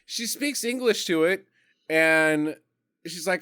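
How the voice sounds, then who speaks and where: A high-voiced man with a bright, forceful tone riffs on a monster movie for a podcast. His pitch swings widely as he jokes, swears and acts out scenes in goofy voices, laughing along the way. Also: takes it slowly, smooth. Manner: animated, profane, acts out scenes in silly voices, laughs often. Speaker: podcast co-host reviewing a movie. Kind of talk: casual comedic movie riffing.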